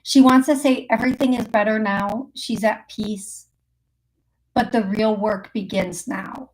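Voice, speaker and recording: A woman's voice: fairly high pitch, fairly even intonation, a little slow, darkish tone. A woman hosting a call-in show as a psychic medium. She talks in a chatty, rambling way, with lots of fillers and self-corrections, and laughs often. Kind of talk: casual live call-in readings.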